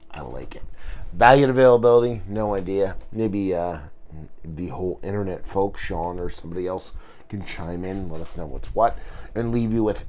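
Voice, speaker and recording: A man with a raspy voice, casually reviewing a beer in a laid-back, rambling way, swearing now and then. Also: low voice, darkish tone, a little hiss or hum.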